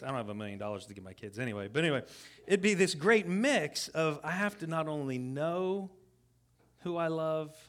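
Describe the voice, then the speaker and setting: A man's voice: medium pitch, fairly bright tone. A man giving a conversational sermon as a guest preacher at a church service. He is casual and earnest, often restarts his sentences and speaks straight to the congregation. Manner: casual and earnest, with frequent restarts and asides to the listeners.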